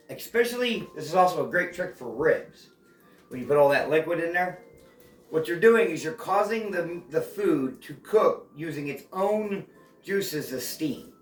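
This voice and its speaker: A man hosting a casual cooking demonstration at home, chatty and playful. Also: a little high. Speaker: cooking show host. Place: home kitchen. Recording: echoey home kitchen.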